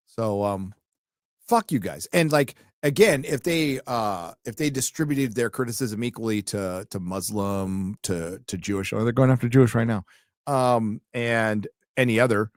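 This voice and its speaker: A man's voice: fairly low pitch, moderate pace, no room sound. Profane ranting man on a dry mic. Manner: profane, ranting, sarcastic asides. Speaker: livestream host reading viewer comments. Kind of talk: casual live-stream chat.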